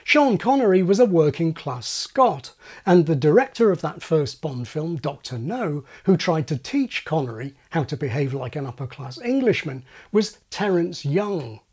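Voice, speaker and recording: Man, scripted essay narration, wry, explanatory, husky, lively intonation. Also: a little high, moderate pace.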